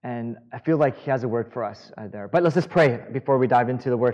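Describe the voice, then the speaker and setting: A man preaching a sermon, earnest and halting, with self-deprecating humor. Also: mid-range voice, a little mellow, highs cut off. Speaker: pastor.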